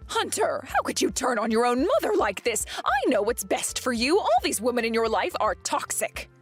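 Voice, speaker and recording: A woman's voice: fairly high pitch, big pitch swings, normal speed, husky, soft background music. A woman voicing a domineering middle-aged mother-in-law who accuses and bullies, in a dramatized text-message story. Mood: defensive. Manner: accusing and self-righteous.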